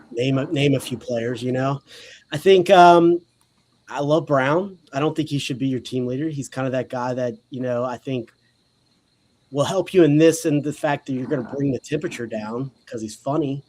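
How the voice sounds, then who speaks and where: Frank, relaxed man in a sports chat. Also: medium pitch, normal speed. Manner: relaxed and frank, mild profanity. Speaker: sports podcast co-host.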